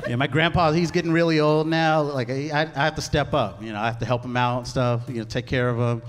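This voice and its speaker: Give me a young male stand-up comedian with a high, very lively voice, recorded live in a reverberant hall. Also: brisk, noisy background. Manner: animated storytelling with laughing asides. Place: large comedy venue with live audience.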